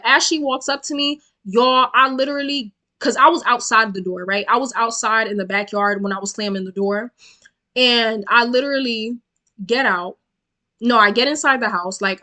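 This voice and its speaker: Heated young woman ranting a storytime. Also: a little high. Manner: animated, swearing, repeats "right?" often. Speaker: storytime vlogger.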